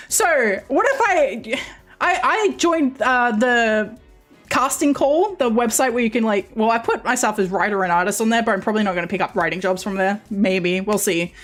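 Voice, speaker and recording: A woman's voice: on the high side, expressive, moderate pace, faint music behind. A woman streamer chatting casually to her viewers, bubbly, rambling and giggly. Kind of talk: casual chat on a game stream.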